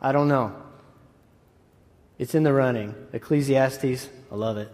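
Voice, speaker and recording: A man's voice: mid-range voice, unhurried, darkish tone. A man preaching a sermon as pastor in a casual, enthusiastic way with asides. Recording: echoey hall.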